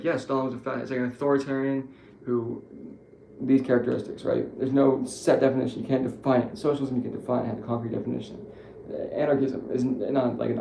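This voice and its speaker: A man talking politics in a loose, rambling monologue, full of swearing and restarts. His voice is gravelly at a middle pitch. The room is echoey with a faint hum behind him. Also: darkish tone. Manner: rambling, profane, self-correcting.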